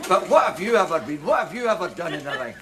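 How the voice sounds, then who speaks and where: A man's voice: on the high side, sing-song, quick pace, crowd noise. An actor playing a boastful, blustering Scottish man in a TV sketch, with a Scottish accent and indignant banter. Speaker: comic sketch character. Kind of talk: 1980s TV sketch comedy acting. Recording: hissy old TV broadcast audio.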